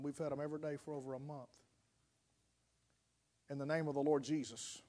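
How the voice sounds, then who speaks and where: High-voiced preacher telling a dramatic story. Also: male voice. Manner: dramatic storytelling, swings between loud and hushed. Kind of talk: sermon.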